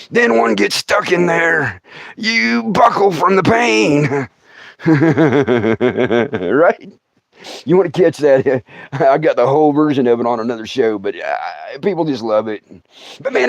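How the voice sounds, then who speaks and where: On a livestream, a middle-aged male comedian performs storytelling stand-up, stammering, laughing a lot and doing voices. His voice sits on the high side and is gravelly and very animated, at a measured pace, with no echo.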